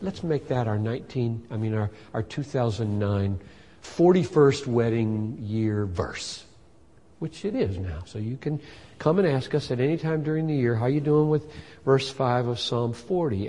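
An older man in his sixties preaches a sermon earnestly, lifting his voice high whenever he quotes scripture. His tone is mellow and dark, and a long reverb trails each phrase as if in a large auditorium. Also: animated, measured pace. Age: 60s. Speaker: pastor.

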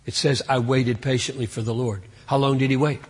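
A man preaching a sermon in an earnest way, rising in pitch and force on key points. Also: fairly even intonation, a little fast, breathy edge, long reverb tail. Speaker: pastor.

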